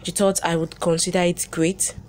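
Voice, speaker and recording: A woman's voice: on the low side, little pitch movement, moderate pace, darkish tone, a little hiss or hum, close to an everyday voice. A woman reading as a wronged young wife. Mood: hurt.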